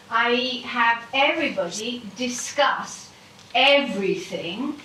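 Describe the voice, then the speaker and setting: A woman with a bright, fairly high voice speaks slowly and tentatively from the audience. She sounds distant in an echoey hall with faint noise behind her. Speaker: audience member. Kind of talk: public Q&A comment. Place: public meeting hall.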